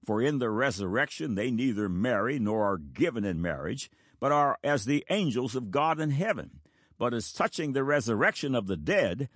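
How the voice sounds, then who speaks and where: A man's voice: mid-range voice, dry recording. A man delivering a sermon, earnest and emphatic, with a voice that rises and falls a great deal as he presses each point. He reads scripture in between his own remarks. The sound is dry and close, with no room around it. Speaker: preacher.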